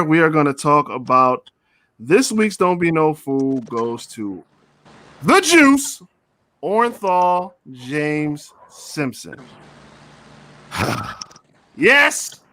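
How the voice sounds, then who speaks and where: A man hosting a casual sports talk show, animated and joking, repeating phrases for emphasis. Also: on the high side, slow pace, no room sound.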